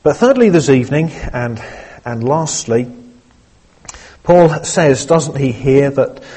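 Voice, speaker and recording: Slow, husky-voiced male preacher. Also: mid-range voice, warm tone. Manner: measured, earnest preaching with small restarts. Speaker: pastor. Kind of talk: sermon.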